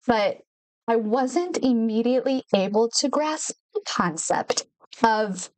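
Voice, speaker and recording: Speaking into a home studio microphone in Nashville, this podcast host chats to camera in a relaxed way, doubling up words to stress them. She has a high-sitting voice captured in a dry recording.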